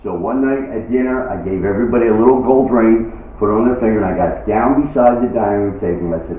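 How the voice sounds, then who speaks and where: A man's voice: on the low side, fast talker, few pauses, slight background noise. A man doing live stand-up, telling stories in a chatty, punchy way and acting out the scenes. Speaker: stand-up comedian. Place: live venue with an audience. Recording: echoey venue, distant phone-like mic.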